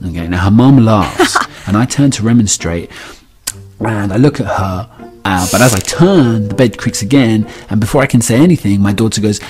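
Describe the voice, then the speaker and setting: Wry deep-voiced dad telling a story. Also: male voice, expressive, brisk, darkish tone, soft background music. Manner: wry, self-mocking. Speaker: storyteller, father. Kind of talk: comic personal story.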